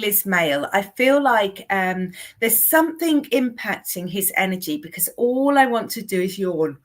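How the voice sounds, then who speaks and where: A woman's voice: on the low side, fairly bright tone. A woman with a broad Southwest English accent speaks to viewers in a live-stream mediumship session. She is chatty and familiar, and calls her viewers darling and sweetheart. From Southwest England.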